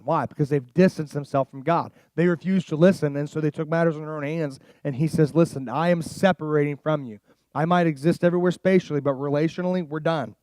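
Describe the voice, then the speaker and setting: A man delivering a sermon in a fairly high voice, swinging between hushed asides and loud, pressing emphasis. His talk is casual and slangy despite the pulpit. The sound is dry and close, with little room echo. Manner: animated preaching, swings from quiet asides to loud emphatic passages. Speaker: pastor.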